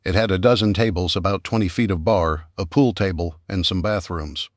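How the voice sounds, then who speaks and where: A man narrating a first-person thriller audiobook in a calm, even storytelling manner. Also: low voice, moderate pace, no room sound, studio quality.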